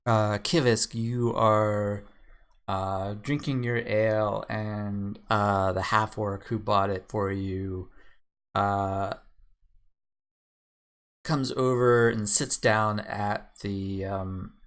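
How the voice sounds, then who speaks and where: A man narrating a tabletop game as game master, speaking haltingly with many fillers. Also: on the low side, fairly even intonation.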